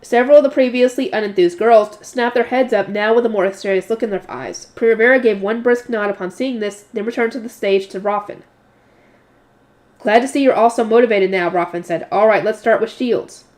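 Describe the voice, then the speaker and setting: A woman's voice: medium pitch, a little fast, hardly any pauses, darkish tone. Woman casually reading a novel aloud. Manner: casual reading with self-corrections and commentary. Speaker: narrator and channel host.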